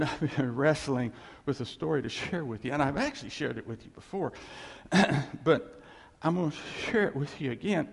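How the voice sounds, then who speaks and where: Man, pastor, sermon, husky, long church reverb. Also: a little high. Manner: earnest, repeats key phrases, swings from loud to quiet. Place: church sanctuary.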